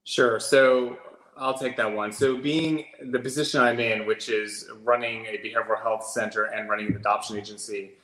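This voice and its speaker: A man's voice: lowish voice, fairly even intonation, normal speed, fairly bright tone. A man who runs an adoption agency, answering interview questions in an earnest, explanatory way with frequent ums. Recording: roomy echo.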